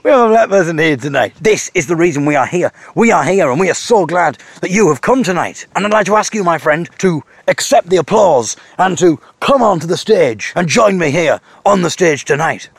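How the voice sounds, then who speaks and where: A man voicing a drunk, overexcited male MC on stage, booming and overeager. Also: animated, brisk, a bit bright, breathy edge, no echo. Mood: gushing.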